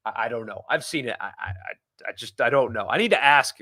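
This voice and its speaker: A man's voice: lowish voice, expressive, brisk, fairly bright tone. A man hosting a live sports talk show, reading viewer comments and rambling through opinions with frequent restarts. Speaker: sports podcast host. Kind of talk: casual live-stream chat reading comments.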